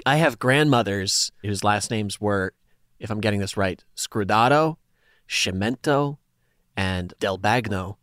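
A man's voice: fairly low pitch, unhurried, a bit bright, dry recording, studio quality. A man co-hosting a podcast in casual chat, joking and playful. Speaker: podcast co-host.

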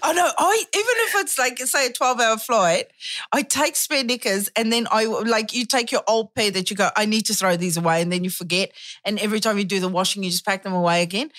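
A woman's voice: a little high, a little fast, a bit bright, no echo, clean studio sound. A woman hosting a podcast and telling a candid, self-mocking story, laughing hard at herself. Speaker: podcast host. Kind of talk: casual storytelling chat.

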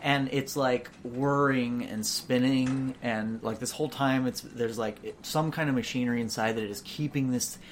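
A woman's voice: rumbling low, steady tone, moderate pace, hardly any pauses, slight background noise. A woman narrating as game master, describing scenes loosely with many filler words. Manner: casual, lots of "like" fillers.

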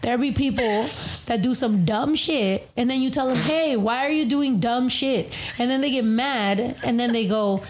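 A woman's voice: fairly high pitch, normal speed, slight background noise. A woman in her thirties hosting a casual podcast, rambling and swearing freely, a little tipsy. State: tipsy from beer. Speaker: podcast host.

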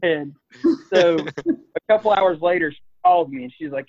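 A man's voice: sits high, sing-song, brisk, gravelly. A man telling a rambling, laughing story about buying a horse, often repeating his words. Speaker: horse breeder. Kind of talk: casual storytelling. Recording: tinny phone-line sound.

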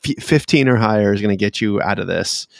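A man's voice: fairly low pitch, fairly quick, gravelly, no room sound, studio quality. A man narrating as game master of a tabletop game, talking hesitantly with many fillers.

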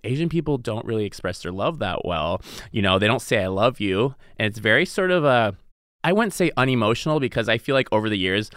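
A man's voice: fairly low pitch, expressive, fairly quick, fairly bright tone, dry recording, studio quality. A man chatting on a podcast as a guest chef, playful and giggly, with lots of "like" fillers. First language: Cantonese. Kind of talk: casual podcast chat.

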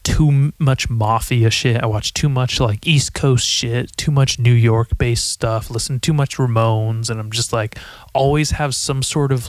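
A man's voice: mid-range voice, fairly even intonation, a little slow, dry recording. A young man hosting a solo podcast, rambling profanely and correcting himself often. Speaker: podcast host.

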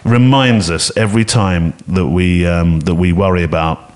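Deep, velvety-voiced man chatting. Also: steady tone, moderate pace, darkish tone. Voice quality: smooth velvety voice. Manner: chatty and rambling, often laughing. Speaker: podcast co-host. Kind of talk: casual podcast chat. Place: echoey room in a home studio. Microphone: podcast mixing desk microphone.

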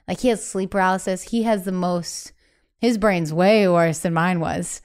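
A woman in her thirties, a podcast guest talking candidly in a casual interview, often quoting family members in lively voices. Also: fairly low pitch, moderate pace, clear, resonant tone.

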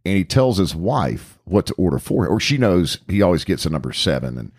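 Deep-voiced chatty male podcast host. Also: big pitch swings, a little fast, breathy edge, dry recording, studio quality. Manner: chatty storyteller, laughs often. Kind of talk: casual chat.

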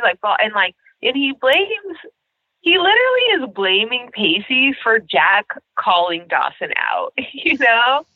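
A woman co-hosting a casual podcast chat about a TV episode, talking in an animated way, full of "like" and "you know". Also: mid-range voice, a little slow, no echo, highs cut off. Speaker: podcast co-host.

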